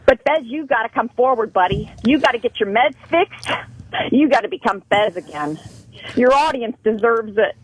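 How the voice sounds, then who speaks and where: A woman's voice: a little high, lively intonation, normal speed, husky, low-quality recording. A woman calling in to a radio talk show, pleading and scolding with passion. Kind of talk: heated call-in confrontation.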